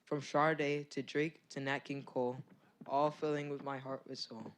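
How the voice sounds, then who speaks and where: A teenage boy, a high school student, reads his own poem at a school board meeting, starting shy. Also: flat delivery, measured pace, fairly bright tone, slight background noise. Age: teens. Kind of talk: poetry reading.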